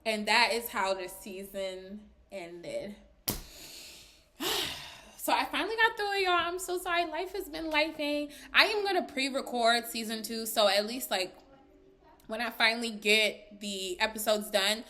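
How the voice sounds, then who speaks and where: A woman giving a casual, chatty recap of a reality show, animated and full of fillers, often breaking into laughs. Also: a little high, normal speed, slight background noise. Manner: laughs while talking. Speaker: recap vlogger.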